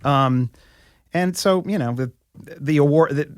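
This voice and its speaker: A man around sixty from New York City, a podcast guest who tells stories in a joking, animated way. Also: fairly high pitch, unhurried, no room sound, clean studio sound. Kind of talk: casual chat.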